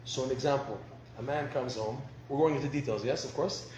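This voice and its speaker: A man teaching a class on marriage, animated and laughing often. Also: medium pitch, fairly quick. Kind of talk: lecture on marriage. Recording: roomy echo, faint background noise.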